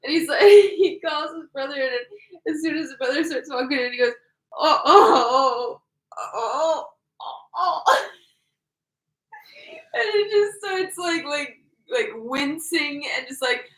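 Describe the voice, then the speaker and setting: A woman's voice: high voice, animated, moderate pace, recorded from a distance. A woman co-hosting a casual chat, telling stories and laughing through her words. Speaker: podcast co-host. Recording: echoey room, a bit off-mic.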